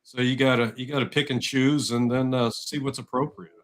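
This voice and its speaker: A male radio co-host in a studio, friendly and meandering, with frequent ums and restarts. His voice sits at a middling pitch. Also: level tone, brisk, fairly bright tone. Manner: friendly, rambling with many fillers. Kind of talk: casual radio sports chat. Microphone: studio microphone.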